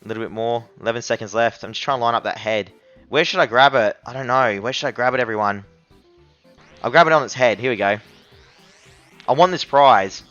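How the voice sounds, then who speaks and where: Excitable young man reviewing an app. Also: mid-range voice, muffled recording. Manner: excitable, yelps at near misses, addresses viewers as everyone and bro. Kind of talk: casual gameplay commentary to viewers.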